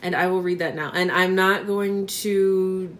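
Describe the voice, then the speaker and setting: A woman's voice: mid-range voice, fairly even intonation, a little slow. A woman on a podcast who chats casually, laughs often and reads an excerpt aloud as if for an audiobook. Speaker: podcast co-host. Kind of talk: casual chat, reading aloud.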